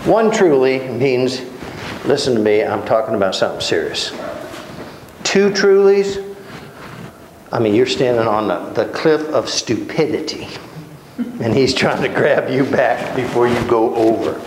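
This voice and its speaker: A man teaching a church Bible class, conversational and joking, repeating words for emphasis. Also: medium pitch. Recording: roomy echo, faint background hiss.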